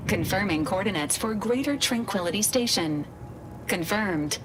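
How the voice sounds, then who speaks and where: A woman's voice: mid-range voice, expressive, moderate pace, noisy background, lightly acted. A woman voicing a formal ship computer. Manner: crisp formal military briefing tone. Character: female ship computer, calm, formal and precise. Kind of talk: video game voice acting.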